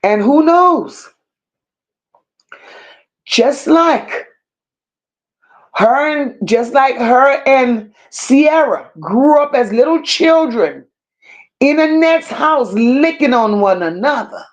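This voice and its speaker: A woman hosting a commentary stream, talking in a slow, emphatic and scornful way and stopping to read viewer comments aloud. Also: high-pitched, lively intonation, muffled recording. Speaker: commentary channel host. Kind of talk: unscripted livestream rant.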